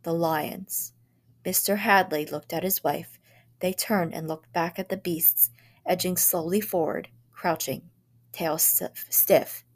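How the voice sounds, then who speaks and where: A woman teacher reading a short story aloud in a measured, dramatic way. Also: on the low side, fairly even intonation.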